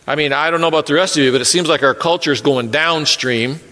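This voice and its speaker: A man's voice: a little high, quick pace, bright, forceful tone. A male pastor preaching an earnest sermon with light humor, often stumbling and repeating words. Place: church sanctuary. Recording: echoey sanctuary reverb.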